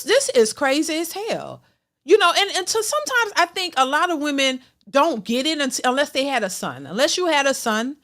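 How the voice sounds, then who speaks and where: A woman's voice: high voice, fairly bright tone. A woman hosting a reaction channel, giving opinionated commentary that is full of restarts and stammers.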